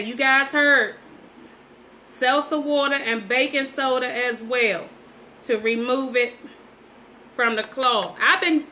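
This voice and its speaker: Woman host, slightly high voice, chatty livestream from a phone, loops back over her words. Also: sharp tone, a little hiss or hum, rough recording. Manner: chatty, repeats herself, talks straight to viewers. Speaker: livestream host painting sunflowers. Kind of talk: casual live-stream chat while painting.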